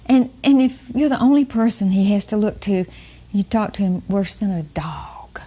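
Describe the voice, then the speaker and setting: Older female Bible teacher, warm and relaxed, folksy and chatty with frequent laughs. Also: mid-range voice, normal speed, husky. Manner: chatty, laughs often, asks the audience questions.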